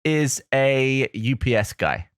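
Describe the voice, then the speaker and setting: An easygoing man chats on a podcast over a remote call, often laughing. His voice sits in a middle pitch but moves a lot. The sound is dry. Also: expressive, takes it slowly, clean tone, dry recording. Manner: easygoing, giggly. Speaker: podcast co-host. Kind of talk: casual group chat. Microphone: remote call mic.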